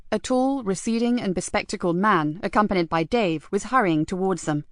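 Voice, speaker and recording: A woman narrating a crime novel audiobook in a steady, even storytelling manner. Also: mid-range voice, normal speed, few pauses, dry recording, studio quality. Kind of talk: scripted narration.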